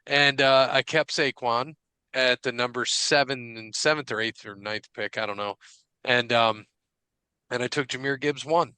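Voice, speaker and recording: A man chatting on a sports podcast, his voice very bright and clear. He tells stories with a lot of swearing and acts out what everyone said. The sound is dry and close. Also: medium pitch, moderate pace, dry recording. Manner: profane, animated storytelling with quoted dialogue. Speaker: podcast co-host. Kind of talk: casual chat.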